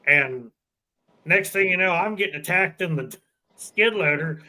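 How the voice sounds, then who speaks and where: A man sharing a quick anecdote in casual chat. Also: high voice, animated, bright, forceful tone, rough recording.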